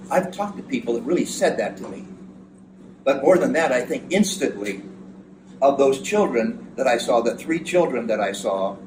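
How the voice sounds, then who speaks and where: An older man, a psychotherapist, giving an earnest, emphatic speech to an audience and often repeating words. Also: mid-range voice. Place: hall at a veterans' event. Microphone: far from the mic. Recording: echoey room from far off with audience noise.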